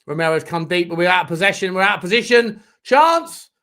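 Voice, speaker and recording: A man hosting a live football watchalong, reacting to the match in excitable, sweary commentary and shouting at the referee. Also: high voice, very fast, gravelly, clear, resonant tone.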